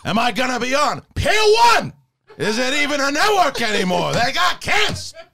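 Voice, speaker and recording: Loud, bright, shouty old film star on a rant, put on by a man. Comedy impression. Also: very high-pitched, sing-song, moderate pace, slight background noise, pitched above the performer's own voice, exaggerated voice. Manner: shouting, ranting, sudden bursts. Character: loud exasperated older male movie star.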